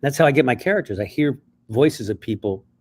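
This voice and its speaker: A male writer and actor telling stories in an interview, animated and acting out bits along the way. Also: medium pitch, fairly quick. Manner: animated, acts out voices, frequent restarts. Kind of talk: interview storytelling.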